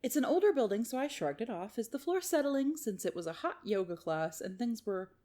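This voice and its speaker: Woman podcast co-host reading a listener story, animated delivery with a bright, higher voice that swings widely. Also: a little fast. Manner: animated storytelling, swears casually, laughs often. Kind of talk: reading a listener story aloud with casual chat.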